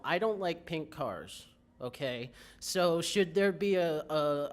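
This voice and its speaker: A young man speaks at a zoning hearing in a brisk, argumentative way. He piles up rhetorical questions to press his point. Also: on the high side. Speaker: public commenter. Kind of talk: public comment at a county zoning hearing.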